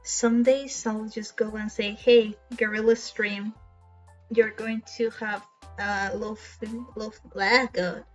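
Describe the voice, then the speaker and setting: A young woman speaks slowly at a medium pitch with little pitch movement during a casual live-stream chat, faint music behind her. Earnest and emotional, she gives little laughs and keeps restarting, and the lo-fi stream audio is slightly dull.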